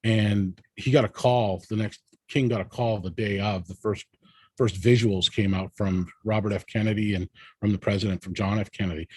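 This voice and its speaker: A man's voice: fairly low pitch, darkish tone, husky, no room sound. A man speaking as a panel guest in an impassioned discussion, emphatic and rallying, often tagging his points with "right?".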